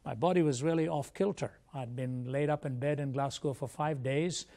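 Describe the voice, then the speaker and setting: A man's voice: mid-range voice, normal speed, creaky, dark tone. An older man from India, a Christian apologist, telling his life story as an interview guest in an earnest, reflective way.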